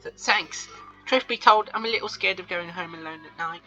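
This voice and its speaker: A man voicing a cheerful, shy young girl in a soft, sweet falsetto while reading a visual novel aloud. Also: fairly quick, lo-fi sound, soft background music, exaggerated voice.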